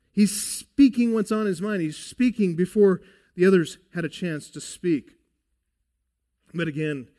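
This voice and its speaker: A man preaching a sermon as pastor, earnest and emphatic, with pauses. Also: fairly high pitch.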